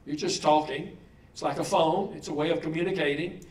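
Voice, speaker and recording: A man's voice: on the high side, steady tone, brisk, reverberant, distant mic. A man preaching a sermon in a conversational way, putting questions to the congregation. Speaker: pastor.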